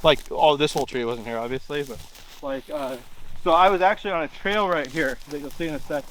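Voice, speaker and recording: A man's voice: fairly high pitch, a little fast, a little hiss or hum, poor audio. A man telling what happened while standing outdoors in woods, rambling and pointing things out with lots of "like". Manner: rambling, full of "like" and pointing "right here". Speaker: eyewitness recounting a hunt. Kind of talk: casual on-location retelling. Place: outdoors in a wooded area.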